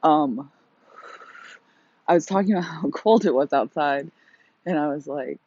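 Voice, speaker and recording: American woman just rolled outta bed, husky breathy voice, rambly ASMR smoking chat, dry dull lo-fi sound. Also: sits low, darkish tone, no room sound. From United States. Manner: rambling and self-mocking, drawn-out words, exhales between phrases. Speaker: ASMR smoking channel host. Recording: dry, slightly dull lo-fi recording.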